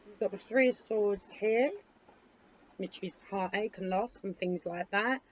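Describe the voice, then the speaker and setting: A woman hosting a casual tarot reading, chatting in a relaxed way with frequent ums. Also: mid-range voice, a little slow, lo-fi sound, slight background noise. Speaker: tarot reader.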